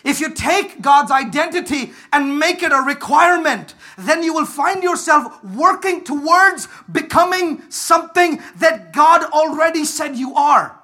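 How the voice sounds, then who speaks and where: Male pastor, very high voice with a bright edge; fervent sermon delivery that swells to shouts and leads call-and-response. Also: expressive, measured pace, hardly any pauses. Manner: fervent, rises to shouts and calls for congregation responses.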